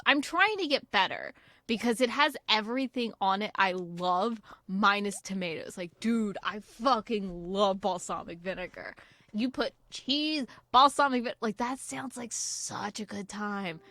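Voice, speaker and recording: Over faint game music, a young woman with a sharp-toned, mid-range voice talks at a normal speed. She's a gaming channel host doing casual let's-play commentary on a farming game, wandering into cursing, self-mocking asides.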